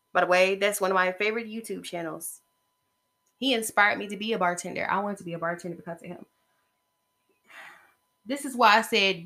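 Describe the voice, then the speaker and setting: Bright, sassy woman podcast host. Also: mid-range voice. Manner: chatty, sassy, talks straight to listeners. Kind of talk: casual gossip commentary.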